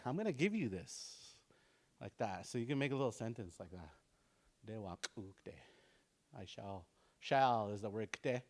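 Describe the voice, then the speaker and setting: A man teaching a language class in a relaxed, casual way, saying words slowly and repeating them for learners. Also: medium pitch.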